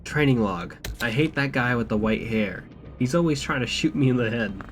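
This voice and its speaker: A man's voice: medium pitch, expressive, moderate pace. A man streaming a video game, chatting casually and profanely and reading in-game notes aloud. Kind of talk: casual live-stream commentary. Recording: streamer over loud game music.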